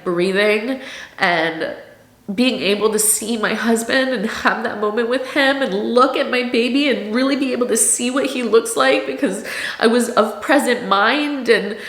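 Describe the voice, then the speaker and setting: A woman's voice: medium pitch, a bit bright. A woman in her thirties telling a personal story to camera, candid and emotional, with lots of "like". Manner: candid and emotional, heavy use of "like". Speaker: vlogger. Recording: echoey room.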